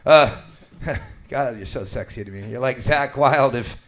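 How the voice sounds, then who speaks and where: A man's voice: medium pitch, unhurried, a bit bright. A man in his late forties from Alaska doing a live stand-up set at a brewery bar, telling crude, profane, self-mocking jokes. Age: late 40s. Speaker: stand-up comedian.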